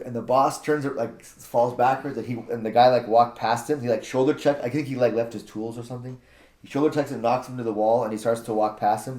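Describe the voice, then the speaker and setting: A man casually telling a personal story, animated and acting out what people said, often repeating words. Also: medium pitch, echoey room. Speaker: guest, jiu-jitsu practitioner.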